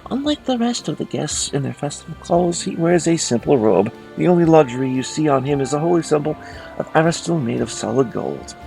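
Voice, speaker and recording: A man hosting a let's play, reading game text aloud in a playful, theatrical way. His pitch sits slightly high and swings widely, and his voice has a gravelly rasp. Faint game music plays under him. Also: very animated, a little fast, dark tone, poor audio.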